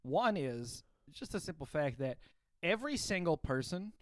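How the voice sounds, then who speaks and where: A man co-hosting a casual podcast chat, chiming in with quick jokes. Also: on the high side, big pitch swings, no echo, studio quality. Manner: quick joking interjections. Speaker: podcast co-host.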